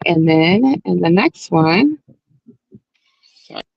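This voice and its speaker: A woman hosting a book club discussion on a stream, retelling scenes with animated acted-out lines and casual swearing. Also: lowish voice, slow, creaky, breathy edge, no echo, lo-fi sound. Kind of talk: casual chat. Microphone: online stream setup.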